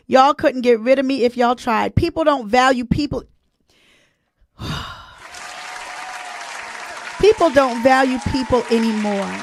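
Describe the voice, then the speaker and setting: A woman, hosting a casual live-stream chat, chatty and emotional as she talks to her viewers. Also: fairly high pitch. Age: 40s. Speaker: host.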